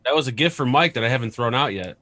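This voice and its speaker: A man's voice: medium pitch, animated, quick pace, pushed and bright, dry recording. A man co-hosting a casual live stream, rambling and cursing as he searches for words. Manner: rambling, profane, hunts for words. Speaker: show co-host.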